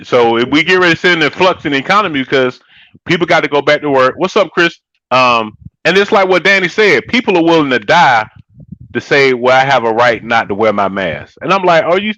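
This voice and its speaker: A man's voice: a little high, animated, brisk, bright, forceful tone, no room sound, dull audio. A man co-hosting a casual chat show, talking emphatically in a preachy way and calling his listeners y'all. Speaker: co-host.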